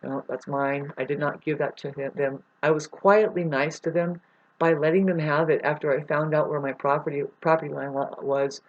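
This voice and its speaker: A speaker talks straight to the camera in a long, rambling personal monologue, emotional and quick to apologize. Sentences keep breaking off and starting over. The recording sounds muffled and lo-fi. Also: medium pitch, fairly even intonation. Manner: emotional, apologetic, many restarts and asides. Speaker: self-described live performing artist. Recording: dull lo-fi recording.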